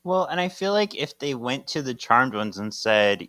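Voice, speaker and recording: A man's voice: on the low side, moderate pace, hardly any pauses, pushed and bright, no echo. A man co-hosting a podcast in casual chat, reading a comic aloud with playful, wry asides. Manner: playful, wry asides between quoted lines. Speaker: podcast co-host.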